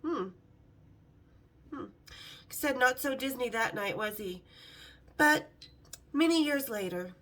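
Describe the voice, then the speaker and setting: A woman's voice: medium pitch, a bit bright. A middle-aged woman hosting a vlog, telling brash, sarcastic stories in a casual, swearing way. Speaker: vlog host. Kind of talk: casual storytelling to camera.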